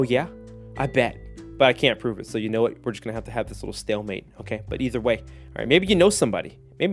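A man talks on his own podcast in a loose, rambling way, full of fillers and self-deprecating jokes. His voice sits at a middling pitch for a man, and faint music plays underneath. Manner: rambling, joking, lots of fillers. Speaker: podcast host. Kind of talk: casual solo podcast talk.

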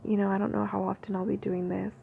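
Whispered ASMR talk: woman, very gravelly fry, rambling unscripted musing, tinny phone-like audio with faint hiss. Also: medium pitch, flat delivery, fast. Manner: unscripted, free-flowing musing.

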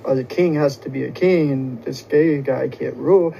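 A man's voice: medium pitch, moderate pace, gravelly, warm tone, dull audio, slight background noise. A man telling a profane, rambling first-person comic story in a casual way, full of fillers. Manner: crude, profane, casual, full of "you know".

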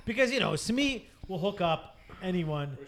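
A man's voice: high voice, animated, measured pace, fairly bright tone. A man joking wryly in casual podcast banter, swearing freely. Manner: wry, profane.

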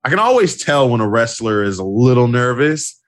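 A man's voice: mid-range voice, very animated, a little fast. Emphatic man chatting on a podcast. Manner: emphatic, agreeable, repeats for emphasis. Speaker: podcast co-host. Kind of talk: casual wrestling podcast chat.

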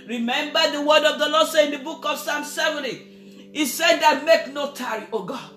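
A woman leading a fervent public prayer, impassioned and repetitive, often shouting and breaking into song. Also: sits high, moderate pace. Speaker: prayer leader. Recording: echoey room with faint instrumental music.

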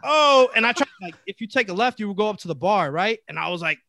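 Young man, casual storytelling, animated, profane, high voice, bright, dry close sound. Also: very fast, creaky, dry recording. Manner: animated, profane, says "bro" constantly. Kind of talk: casual storytelling among friends.

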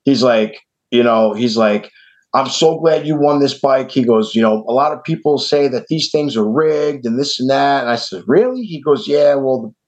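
A man from New York with a New York accent, casually telling a long story on a podcast and acting out the voices of the people in it. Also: moderate pace. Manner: animated, acts out quoted voices in a higher pitch. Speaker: podcast host. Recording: dull lo-fi podcast audio.

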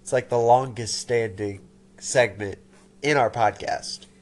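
A man's voice: mid-range voice, measured pace. A young man hosting a podcast, teasing his guest, his voice sick and stuffy. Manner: teasing, laughs often. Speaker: podcast host. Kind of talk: casual chat.

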